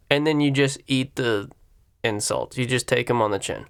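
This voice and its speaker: A man's voice: medium pitch, normal speed, clean tone. A man hosting a reaction commentary, ranting sarcastically with blunt, profane remarks about a video. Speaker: commentary host.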